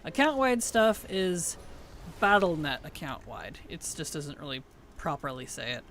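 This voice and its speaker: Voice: medium pitch, measured pace, fairly bright tone, a little hiss or hum. A streamer chatting casually while playing, laughing often and answering questions from chat.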